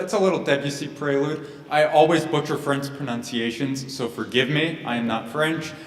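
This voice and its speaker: Young man introducing a piece, hesitant. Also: on the high side. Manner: hesitant, full of ums, self-deprecating. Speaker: pianist giving a recital. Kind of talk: casual spoken introduction. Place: church sanctuary. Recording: roomy church echo with long reverb.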